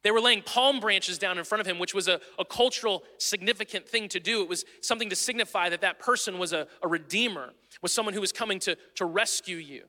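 Guy giving a sermon, high very bright voice, earnest and chatty, big echoey hall. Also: fast, hardly any pauses. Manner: earnest, conversational preaching with small restarts. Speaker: preacher. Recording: long hall reverb.

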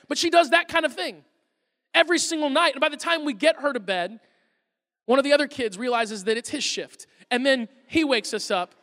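A man's voice: very high voice, a little fast, bright, forceful tone. A man in his thirties preaching an Easter sermon as pastor, telling funny stories about his kids with self-deprecating asides. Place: church auditorium. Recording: long reverb of a large hall.

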